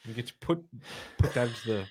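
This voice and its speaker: Co-host dude, voice all over the place, hyped, swears a lot. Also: male voice, medium pitch, lively intonation, quick pace, a little mellow, slightly rough. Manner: enthusiastic, swears casually. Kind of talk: casual podcast chat.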